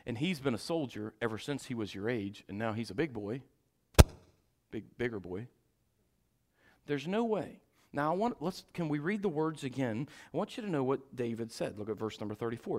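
A man preaching a sermon, swinging from shouted exhortation to quiet, folksy storytelling as he acts out Bible figures. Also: medium pitch, lively intonation, brisk. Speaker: pastor.

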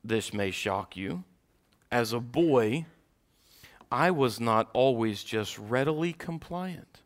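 A middle-aged male pastor preaching a sermon, swinging from loud preaching to quiet storytelling. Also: medium pitch, expressive, takes it slowly.

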